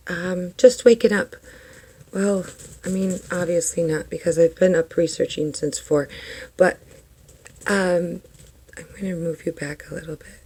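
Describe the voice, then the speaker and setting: Older woman, spiritual vlogger, low mellow rough morning voice, chatty and rambling to the camera at home. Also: measured pace, pauses often. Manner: rambling, warm-hearted babble with fillers. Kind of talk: casual chatty tarot vlog.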